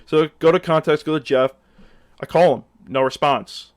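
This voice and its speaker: A man's voice: a little high, moderate pace. A young adult man telling a casual storytime, rambling with many fillers and animatedly acting out his own lines. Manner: rambling, heavy use of fillers. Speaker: storyteller vlogger.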